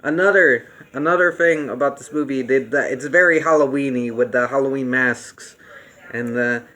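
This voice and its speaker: This is a young man's loose spoken take on a movie, full of filler words and false starts. His voice sits mid-range at a normal speed, and his enthusiasm jumps for the things he likes.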